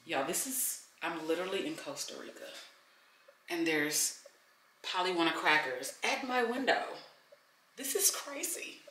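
A woman's voice: low voice, lively intonation, normal speed, bright, forceful tone, slight background noise. A young woman vlogging to camera in a hotel room, venting and emotional, holding back tears. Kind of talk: casual vlog talk to camera. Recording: echoey room.

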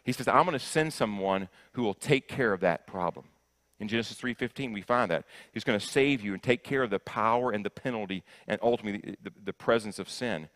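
A man preaching in a church with a fairly low voice. He is emphatic, repeating the first words of his sentences as he builds. He swings between loud punches and hushed, intense lines. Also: brisk. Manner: rises to loud emphasis, drops to soft intensity. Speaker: guest preacher. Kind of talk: sermon. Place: church sanctuary.

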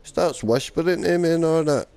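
A man's voice: a little high, normal speed, gravelly, darkish tone. A young man in online gaming voice chat, swearing constantly and taunting other players. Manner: profane, taunting trash talk. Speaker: online gamer.

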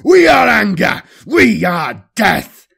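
A man's voice: high-pitched, very animated, slow, vocal fry, fairly bright tone, husky, voice pushed up, exaggerated voice. A man voicing a furious, battle-hardened armored male warrior-priest who bellows battle cries and orders. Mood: furious roaring. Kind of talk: audiobook character voice.

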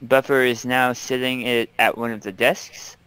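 A man's voice: medium pitch, little pitch movement, moderate pace, bright, forceful tone, smooth, no room sound. A man narrating as game master of a tabletop game, chatty and laughing often, with frequent ums.

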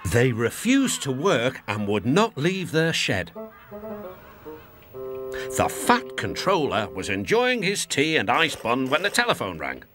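A man narrating a children's storybook in an expressive reading. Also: mid-range voice, slow. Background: music.

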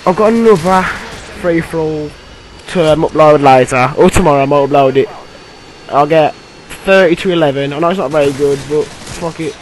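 A young man giving rambling, filler-heavy commentary over his own gameplay, with bursts of excitement. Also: fairly high pitch, normal speed, a little hiss or hum, poor audio. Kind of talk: casual game commentary.

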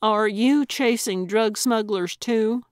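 A woman's voice: on the high side, slow pace, dry recording, clean studio sound, voice pushed up. Woman doing a feisty old lady sleuth. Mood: eager. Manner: blunt, sarcastic. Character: elderly woman sleuth, feisty and sharp-tongued.

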